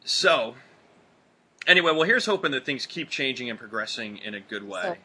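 Bright-voiced man on a podcast. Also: mid-range voice, normal speed, breathy edge. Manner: animated, rambling with restarts. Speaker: podcast co-host. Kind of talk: casual podcast chat.

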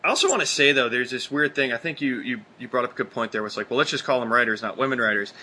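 A man's voice: medium pitch, rapid-fire, sharp tone. A man co-hosting a podcast, chatting casually and animatedly, often restarting his sentences. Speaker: podcast co-host.

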